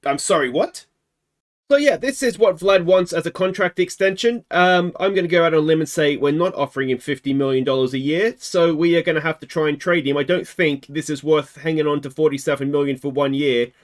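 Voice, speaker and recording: An Australian man in casual game commentary, talking things through in a chatty, wry way. His voice sits a little higher than most men's, and he fills pauses as he weighs each choice. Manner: chatty, thinking aloud, frequent fillers and wry asides. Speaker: gaming video host.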